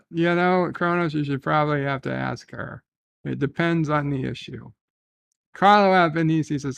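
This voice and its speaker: Male streamer, fairly high voice with a dry close sound, rambling casual chat. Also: vocal fry, no room sound. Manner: rambling, reads chat aloud, thinks out loud. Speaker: live stream host. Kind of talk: casual livestream chat reading viewer comments.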